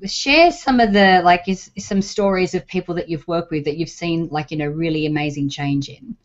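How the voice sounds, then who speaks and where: Female show host, lowish voice, casual and keen, slightly muffled sound. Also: normal speed. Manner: casual, enthusiastic questions. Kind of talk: interview host.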